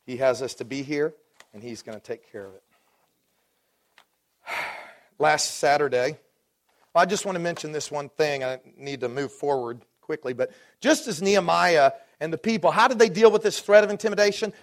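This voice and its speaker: A man in his forties from Dallas preaching a sermon to his congregation, swinging between rising fervor and relaxed storytelling asides. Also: fairly high pitch, moderate pace. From Dallas, Texas. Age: 40s. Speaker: pastor.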